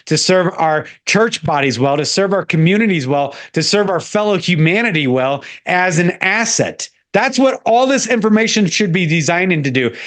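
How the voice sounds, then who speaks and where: A man speaking as a podcast guest in a fervent, preaching style, quoting scripture often. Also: on the high side.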